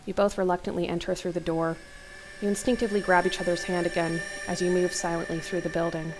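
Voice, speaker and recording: A woman's voice: on the low side, level tone, quick pace, rough recording. A young woman hosting a let's play, reading an interactive horror novel aloud into a desk mic, breaking her dramatic reading with startled gasps and comments. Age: young adult.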